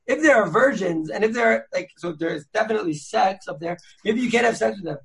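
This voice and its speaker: A man's voice: sits high, animated, fast, creaky, fairly bright tone. A man hosting a podcast, teaching Torah sources in a chatty, slangy way with many fillers and restarts. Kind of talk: casual learning chat.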